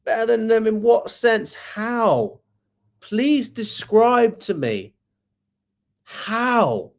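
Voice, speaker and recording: Exasperated football fan ranting. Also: male voice, high voice, very animated, vocal fry. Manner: exasperated, swearing, rapid rhetorical questions. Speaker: football fan channel host. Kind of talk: live match review reading viewer comments.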